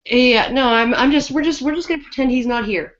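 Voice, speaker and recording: A woman's voice: sits high, brisk, lo-fi sound. A woman co-hosting a casual podcast chat, talking loosely with many restarts and fillers. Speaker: podcast co-host.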